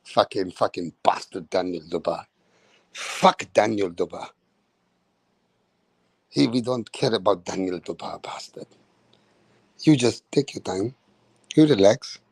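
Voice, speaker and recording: A calm male boxing referee, as a man puts him on, speaks in a low, hushed and soothing voice. He drops lower than the speaker's usual tone and slows down to reassure. The sound is close and dry. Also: gravelly, husky, no echo, heavily acted. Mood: conspiratorial.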